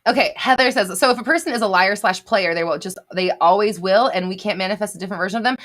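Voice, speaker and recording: Reading out viewers' comments on her live Q&A stream, a fast-talking woman with a medium-pitched, fairly bright voice answers them bluntly. She swears, laughs at herself and hammers points home through emphatic repetition.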